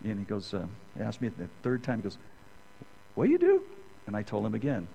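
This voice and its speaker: A man's voice: lowish voice, quick pace, gravelly, warm tone, low-quality recording. A middle-aged man teaching a conversational sermon, rambling through personal stories and often checking in with "okay?". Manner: rambling, keeps asking "okay?". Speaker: Bible teacher.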